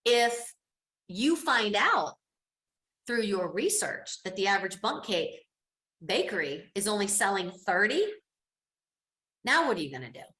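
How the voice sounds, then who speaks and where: Bright upbeat woman coaching online. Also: mid-range voice, big pitch swings, unhurried, long pauses, roomy sound. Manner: upbeat, encouraging, acts out quoted voices. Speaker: business coach. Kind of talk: online class teaching.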